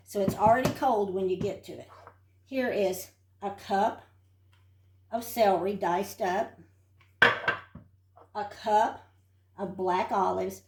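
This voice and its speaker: With a medium-pitched voice and a little hiss or hum in the background, an older Texan woman chats her way through a home tour and a kitchen recipe demo. She plays the home cook and host, and the recording sounds roomy and off-mic.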